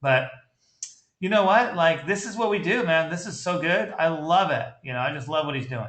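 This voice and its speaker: Male sales coach, blunt and animated, bright voice, roomy sound. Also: fairly high pitch, normal speed. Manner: blunt, animated, laughs often. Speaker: sales trainer critiquing a call. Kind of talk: casual coaching commentary. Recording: echoey room.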